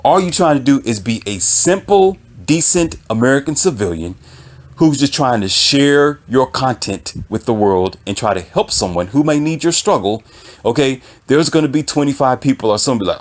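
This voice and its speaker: A man's voice: medium pitch, expressive, normal speed. A man delivering an impassioned opinion monologue, emphatic and repetitive, almost preaching. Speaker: author and commentator.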